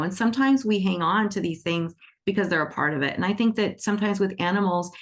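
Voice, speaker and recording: A woman teaching animal Reiki on a video call, telling lively stories and acting out the voices of the people in them. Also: on the low side, gravelly. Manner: animated, acts out quoted voices. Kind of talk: casual storytelling in an online class.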